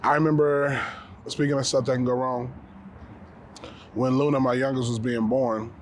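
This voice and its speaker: A man telling stories outdoors in a relaxed casual chat, swearing and repeating words as he goes. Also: mid-range voice, normal speed, a little hiss or hum. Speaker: podcast co-host on a fishing trip. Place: outdoors by water.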